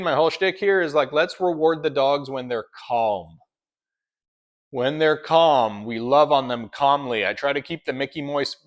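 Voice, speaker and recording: A man's voice: fairly high pitch, a bit bright. A man who trains dogs, explaining his methods in an instructional talk and often checking in with "right?". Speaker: dog trainer.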